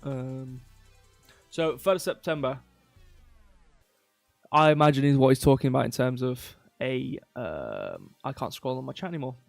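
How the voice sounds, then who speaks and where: A man hosting a crypto livestream in casual chat, rambling, restarting sentences and reading chat aloud while slowly losing his voice. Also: medium pitch, big pitch swings, vocal fry, no room sound, faint music behind. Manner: rambling, self-interrupting, reads chat aloud. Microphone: desk mic.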